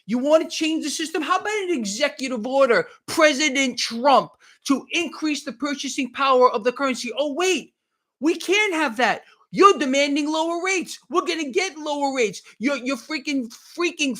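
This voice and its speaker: A man's voice: very high-pitched, lively intonation, moderate pace, bright, forceful tone. Man, middle-aged, live market commentator, heated, sarcastic, repetitive. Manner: heated, sarcastic, repeats himself.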